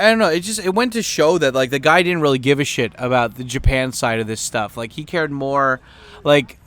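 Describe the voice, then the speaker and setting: A man's voice: mid-range voice, a bit bright, clean tone. A man hosting a podcast, talking in a casual, rambling way with lots of fillers and swearing. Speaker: podcast host. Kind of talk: casual profane monologue.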